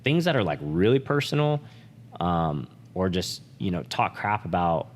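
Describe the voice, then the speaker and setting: A man with a fairly low voice talks openly and with feeling on a podcast, his speech full of "like" and the odd curse. The room rings with a long reverb behind him. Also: sing-song, normal speed, slight background noise. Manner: emotional, swearing, many "like" fillers. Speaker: podcast co-host. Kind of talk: candid podcast chat.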